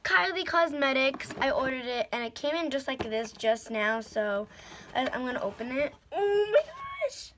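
A young woman filming an excited unboxing vlog, gushing and bubbly, with lots of "like" and "literally". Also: high-pitched, moderate pace, background noise. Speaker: vlogger.

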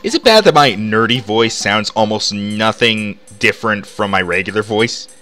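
Over soft background music, a man with a lowish, steady voice gives a chatty let's play, talking at normal speed in a pushed, bright tone. His commentary rambles and is packed with "like" fillers.

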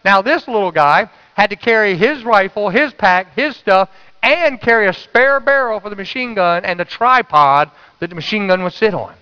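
A man preaching a sermon, calling out to the congregation and dropping to a hush for quoted words. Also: high voice, expressive, normal speed, smooth, long reverb tail, dull audio. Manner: call-and-response preaching, swings from loud to hushed. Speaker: pastor.

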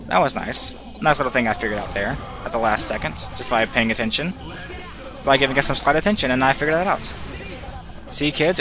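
A man giving casual, excitable commentary while playing a video game, talking to the character on screen and swinging between groans and cheers. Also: mid-range voice. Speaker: let's play commentator. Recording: game music playing loud behind voice. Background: game music.

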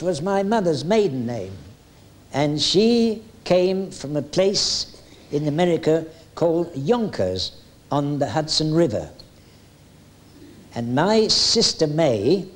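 An older man reminisces about his days on the stage, chatty and full of little jokes. His voice sits somewhat high for a man. Now and then he stops on an "uh" and picks his story back up. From England. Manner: chatty and jokey, with hesitant fillers. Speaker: retired music hall entertainer reminiscing. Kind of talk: anecdotal storytelling.

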